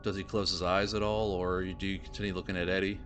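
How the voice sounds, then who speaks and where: Deep-voiced man narrating a game. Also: flat delivery, a bit bright. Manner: descriptive, measured storytelling. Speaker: game master. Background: background music.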